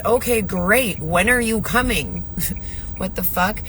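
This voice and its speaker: A woman's voice: mid-range voice, expressive, takes it slowly, fairly bright tone, slight background noise, low-quality recording. A woman ranting on a live video in a distressed, rambling way, swearing often. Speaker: livestreamer. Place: Chicago.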